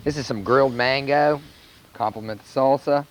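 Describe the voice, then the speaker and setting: A man with a North Carolina accent, a chef talking through a cooking demonstration in a relaxed, plainspoken way. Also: medium pitch, moderate pace, a little hiss or hum. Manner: relaxed, plainspoken, step-by-step instruction. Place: outdoor charcoal grill by a house. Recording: dull lo-fi VHS recording.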